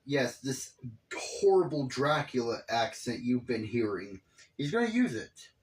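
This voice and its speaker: A man's voice: mid-range voice, big pitch swings, measured pace. A man giving casual, profane reaction commentary on a video, exasperated and rambling.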